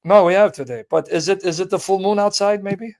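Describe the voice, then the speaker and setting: A man's voice: high-pitched, a little fast, a little mellow. Blunt joking man hosting a call-in. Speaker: host of a live call-in debate. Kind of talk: casual live-stream chat.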